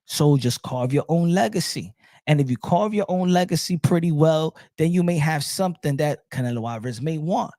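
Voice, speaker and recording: A man giving animated boxing commentary, ranting excitably with many restarts. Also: on the high side, moderate pace, dry recording, studio quality.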